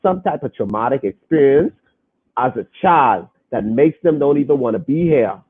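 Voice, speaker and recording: A man's voice: medium pitch, animated, moderate pace, breathy edge. A young adult man hosting a casual podcast stream, talking earnestly and repeating phrases for emphasis. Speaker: podcast host reading viewer comments. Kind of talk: casual live-stream talk. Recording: phone-like lo-fi audio.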